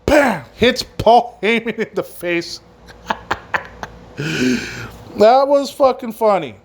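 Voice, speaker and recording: A man with a fairly high voice hosting a casual wrestling recap. He rambles loosely and swears freely. He often laughs at his own jokes. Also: expressive, slow pace. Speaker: podcast host.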